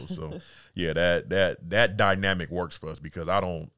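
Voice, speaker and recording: Easygoing deep-voiced middle-aged man. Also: fairly even intonation, a little fast, a bit bright, smooth, dry recording. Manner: easygoing and self-deprecating, with many fillers. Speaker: podcast guest, husband. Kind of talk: casual interview chat.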